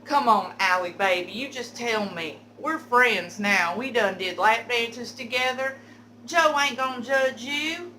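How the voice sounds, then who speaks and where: A woman's voice: a little high, a little slow, pushed and bright, slight background noise. A woman voicing a drunk, sweet-talking male strip club customer who keeps calling her baby and darling. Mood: coaxing.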